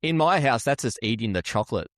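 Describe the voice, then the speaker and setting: A man's voice: mid-range voice, expressive, quick pace, no room sound, studio quality. A man, co-hosting a podcast with teasing, jokey banter. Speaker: podcast co-host.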